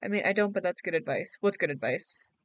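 A woman's voice: lowish voice, fairly quick, no room sound. Young woman, game streamer, giggly and teasing, drowsy, dry close sound. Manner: giggly, teasing, sleepy and yawning. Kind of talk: casual live-stream chat.

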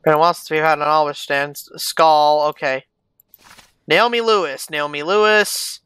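A man's voice: fairly high pitch, moderate pace, bright, forceful tone, smooth, no echo. A man giving casual let's-play commentary, reading documents aloud and muttering asides to himself. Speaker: gaming YouTuber.

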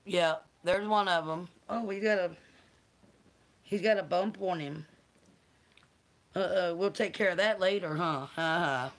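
A woman's voice: fairly low pitch, measured pace, pauses often. A Southern woman chatting casually on her livestream, greeting viewers by name and cooing to her dogs; she says she is a little tired. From American South. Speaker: livestream host.

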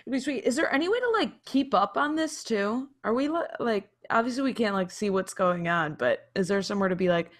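A woman's voice: mid-range voice, animated, fairly quick, hardly any pauses, fairly bright tone. A woman co-hosting a sports podcast, playful and enthusiastic in casual chat. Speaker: podcast co-host.

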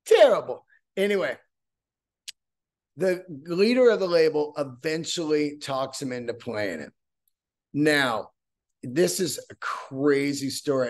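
A man hosting a podcast, telling a story in a casual, profane, excitable way. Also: a little high. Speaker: podcast host.

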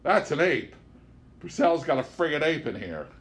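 A man voicing a rowdy, excitable fellow. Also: a little high, moderate pace, voice pushed up. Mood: shocked.

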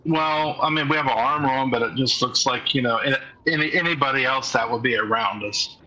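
A man's voice: mid-range voice, a little fast, sharp tone, rough recording. A man playing in a tabletop game, explaining his moves casually. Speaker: player.

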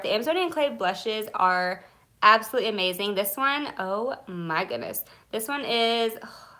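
Bright-voiced gushing young woman. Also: fairly high pitch. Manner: gushing, chatty, many fillers; nervous, self-conscious. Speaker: beauty vlogger. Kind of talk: live beauty product chat.

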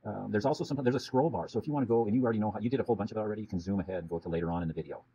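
Chatty male teacher, low mellow voice, fast delivery, keeps asking "okay?". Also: slightly rough. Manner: chatty, repeats "okay?" to check in. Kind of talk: casual video tutorial for students. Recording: dull lo-fi sound with faint background noise.

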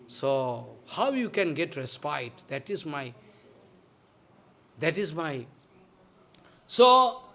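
A man giving a devotional lecture as a spiritual teacher, emphatic and scolding, swinging between loud outbursts and hushed asides. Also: high voice.

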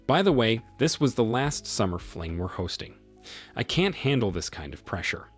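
A man's voice: mid-range voice, very animated, moderate pace, slightly rough, faint music behind. A man voicing an upset, bitter middle-aged husband in an agitated way, in a storybook reading. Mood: tired. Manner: agitated, raises voice.

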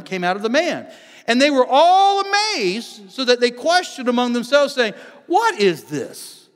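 A man's voice: very high voice, sharp tone. A man pastor preaching a sermon in a church, earnestly explaining scripture with frequent restarts. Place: church sanctuary. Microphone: microphone on stage. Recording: long church hall reverb.

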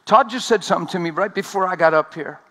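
A man preaching an energetic sermon at a conference, talking fast and laughing along the way. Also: sits high.

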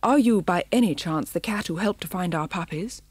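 A woman's voice: on the low side, brisk, a little mellow, breathy edge, no room sound. A woman voicing a proud, courteous male dalmatian who speaks politely and earnestly in an audiobook.

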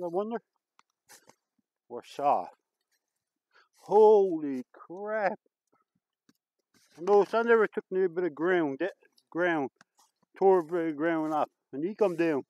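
A man vlogging outdoors in the woods, exclaiming excitedly and chatting to his viewers as he explores. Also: fairly high pitch, measured pace, dry recording, muffled recording. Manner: excitable, lots of exclamations and chuckles. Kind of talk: casual vlog commentary.

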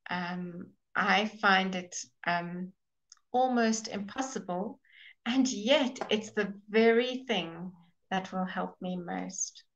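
A woman teaching a live online English class, explaining slowly and patiently and sounding out of breath. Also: medium pitch, a bit bright, muffled recording. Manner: slow, explaining patiently, with fillers and restarts. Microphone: webcam or computer mic.

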